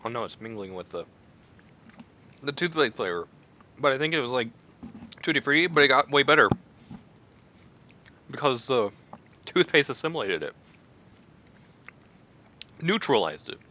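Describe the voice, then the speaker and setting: A man rambling and exclaiming in a casual, animated way as he chats on camera. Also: medium pitch, normal speed, pauses often, highs cut off, a little hiss or hum. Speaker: video creator. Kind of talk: casual chat while taste-testing.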